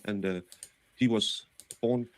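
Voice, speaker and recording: A man from Denmark, introducing a fairy tale reading haltingly with many fillers. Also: on the low side, fairly even intonation. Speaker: streamer reading fairy tales. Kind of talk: casual spoken introduction.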